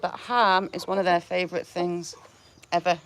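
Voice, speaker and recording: A woman's voice: on the low side, flat delivery, moderate pace, fairly bright tone, a little hiss or hum. A woman chatting on a livestream while she feeds her chickens, affectionate and often laughing. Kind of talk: casual live chat with viewers. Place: outdoors in a chicken run. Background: chickens clucking and a rooster.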